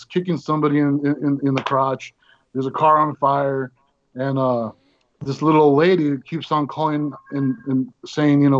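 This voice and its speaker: A man guest on an interview show, telling an anecdote lively and acting out what people said. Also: mid-range voice, dull audio. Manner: animated anecdote with acted-out quotes. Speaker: guest actor. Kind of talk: storytelling interview.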